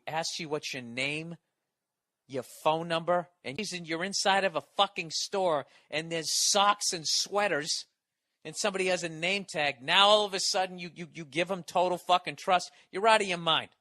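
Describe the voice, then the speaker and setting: A man's voice: fairly high pitch, moderate pace, pushed and bright, no echo. A man delivering a profane, exasperated comedy rant as a podcast host, often stammering through restarts. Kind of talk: ranting comedy monologue.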